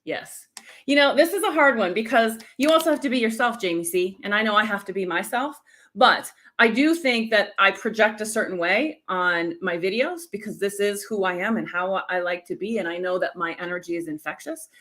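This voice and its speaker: A US-born speaking coach in her middle years leads an upbeat live-stream lesson, often turning to the viewers. Her voice is medium in pitch and her delivery a little fast.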